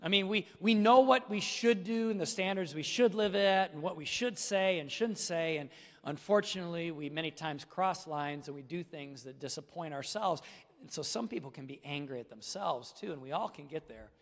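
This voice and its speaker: High-voiced middle-aged pastor, hall echo. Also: male voice, moderate pace, a bit bright. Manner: emphatic preaching, addresses listeners directly. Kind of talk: sermon.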